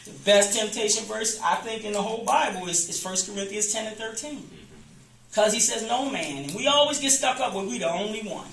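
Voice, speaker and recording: Woman minister, casual Bible-class teacher, bright sharp tone, restarts and repeats, distant echoey room recording. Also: mid-range voice, a little fast, vocal fry, a little hiss or hum. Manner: talks informally, repeats and restarts phrases, acts out quoted voices. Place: church classroom.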